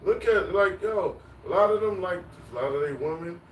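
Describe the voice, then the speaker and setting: A man's voice: high-pitched, lively intonation, normal speed, slight background noise. A man preaching on the street, emphatic and repetitive, chanting lists of words. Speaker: street teacher. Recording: echoey, distant mic, faint ambience.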